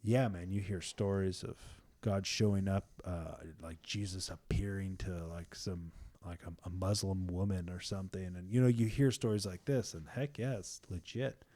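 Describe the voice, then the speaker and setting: A man in a casual faith conversation, animated, sometimes dropping into whispers. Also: low voice, moderate pace, few pauses. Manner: animated, acts out quotes with sudden whispers.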